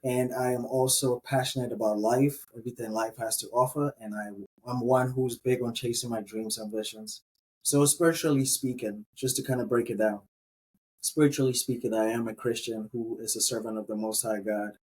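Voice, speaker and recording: A man from Ghana, a podcast guest describing himself in an earnest, measured way. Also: mid-range voice, fairly even intonation, a little mellow, a little hiss or hum, low-quality recording. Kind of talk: casual interview talk.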